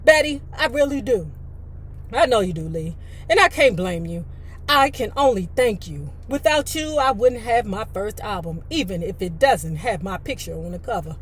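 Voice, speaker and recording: A woman's voice: mid-range voice, animated, moderate pace, slight background noise. A woman reading a memoir aloud, breaking in with chatty, blunt asides and mild cursing. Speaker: storyteller.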